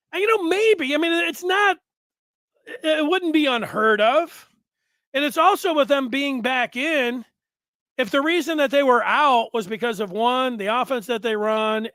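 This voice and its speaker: A man's voice: very high-pitched, sharp tone, no room sound. A man hosting a casual sports talk show, reading viewer comments aloud and rambling with frequent restarts.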